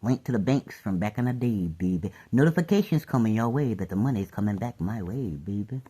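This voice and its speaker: A woman giving a casual tarot reading to her viewers, animated, calling everyone "baby" and laughing often. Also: a bass voice, fairly quick, husky. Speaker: tarot reader.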